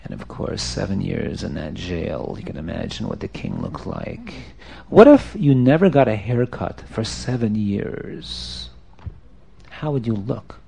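A man telling a story aloud in an animated way, asking his listeners questions. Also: fairly low pitch, a little slow, gravelly, breathy edge.

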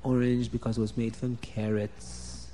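A man telling a story to children in an animated, expressive way with dramatic swings in loudness. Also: medium pitch, a little slow.

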